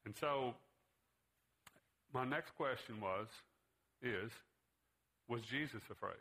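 A man's voice: medium pitch, slow pace, pushed and bright, breathy edge. A man teaching a Bible class in a conversational way, putting questions to his students.

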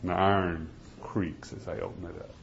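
A man preaching a sermon, telling a first-person story, swinging from loud pleading to hushed, near-whispered lines. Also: low voice, fairly even intonation, normal speed, creaky, slight background noise. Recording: dull lo-fi recording.

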